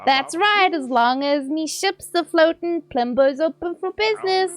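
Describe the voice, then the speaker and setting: A woman's voice: sits high, lively intonation, a little slow, voice pushed up. A woman reading out a shifty male smuggling merchant from a game in a chirpy, salesy way.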